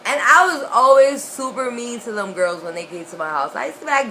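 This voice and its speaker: Bright-voiced young woman telling a story. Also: fairly high pitch, brisk, few pauses, a little hiss or hum, rough recording. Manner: profane, animated storytelling with laughs. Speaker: vlogger. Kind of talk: casual storytime.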